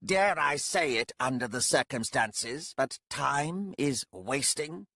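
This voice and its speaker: A man's voice: medium pitch, animated, slow pace, gravelly, pushed and bright, no room sound, voice pushed up, heavily acted. A male narrator voicing a weary ancient Jaghut man who speaks with dry wit. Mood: sardonic. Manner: dry, sardonic.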